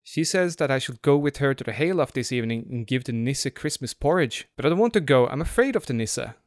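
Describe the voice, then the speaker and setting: Eager little children beg and chatter in high, breathless voices, as a male storyteller puts them on. The reading is dry and close, with no room around it. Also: lively intonation, brisk, no room sound, lightly acted. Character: excited small children, pleading and eager.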